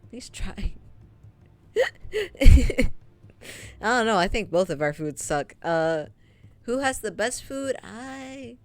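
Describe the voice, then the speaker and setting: A young woman streaming, telling a work story in casual chat, laughing often and filling pauses with ums. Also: a little high, sing-song, soft background music. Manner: chatty, laughs often, many ums and trailing asides.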